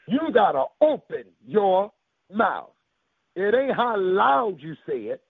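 A man preaching a radio sermon, making loud declarations and at times speaking in tongues. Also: sits high, slightly rough, no room sound. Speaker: pastor. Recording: tinny phone-like radio line.

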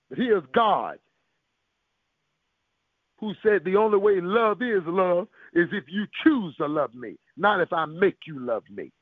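A man's voice: high voice, breathy edge, no room sound. A man preaching a sermon to listeners on a call, driving his points home with rhythmic repetition and rhetorical questions. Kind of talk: sermon over a conference call. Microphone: phone call. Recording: tinny, dry phone line.

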